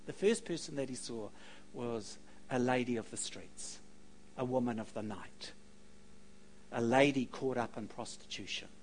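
A man preaching a sermon. His pitch leaps and falls as he acts out the stories he tells. He throws in quick joking asides to the congregation. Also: darkish tone, a little hiss or hum, poor audio. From New Zealand. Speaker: pastor.

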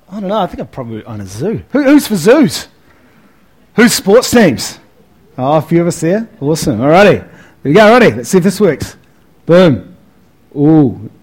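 A man's voice: sits high, darkish tone, poor audio. A man with a New Zealand accent, chatting casually to a live audience through a handheld mic held close, full of fillers, "eh" and "man". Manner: chatty and laid-back, many fillers and "eh", "man". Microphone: handheld mic held close to the mouth.

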